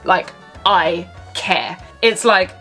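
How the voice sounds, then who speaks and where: Brief: young woman vlogger, sassy, dramatic storytelling, faint music bed. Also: drawn-out words. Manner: animated and dramatic, big swings in pitch, sassy asides. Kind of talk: storytime vlog chat.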